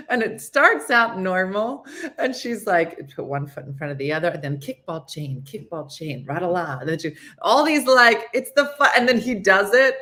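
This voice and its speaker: A woman's voice: mid-range voice, expressive, moderate pace, bright, forceful tone. A woman hosting a casual morning chat show, rambling through stories, laughing at them and losing her train of thought.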